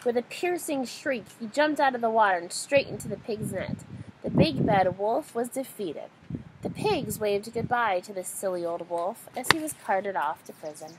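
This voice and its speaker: A woman reading a children's story aloud in an animated, expressive way. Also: medium pitch, moderate pace, very noisy. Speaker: storybook reader.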